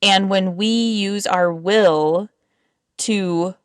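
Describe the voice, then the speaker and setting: A woman's voice: medium pitch, steady tone, drawn-out words, smooth, no echo, studio quality. A woman co-hosting a casual faith podcast over a computer call, earnest and reflective. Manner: earnest and reflective, with many fillers. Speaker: podcast co-host. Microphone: recorded over a computer call.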